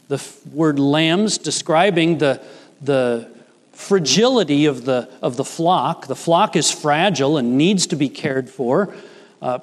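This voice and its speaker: A man's voice: lively intonation, measured pace. A man preaching a sermon in an earnest, explanatory way, often quoting scripture with rising emphasis. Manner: earnest, rises in pitch when quoting Jesus and Peter. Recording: long hall reverb.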